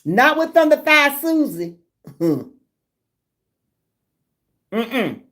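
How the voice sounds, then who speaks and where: A woman's voice: high voice, very slow. A woman, chatting casually with live viewers and telling stories with lots of laughter. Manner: lively storytelling, laughing often, drawling Southern speech. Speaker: livestream host.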